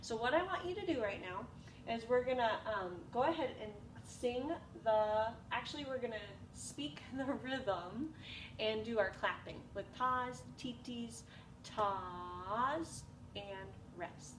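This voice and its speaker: A woman's voice: a little high, expressive, measured pace. A woman teaching an elementary music lesson, patient and encouraging, sometimes singing examples. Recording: echoey room, distant mic, noisy.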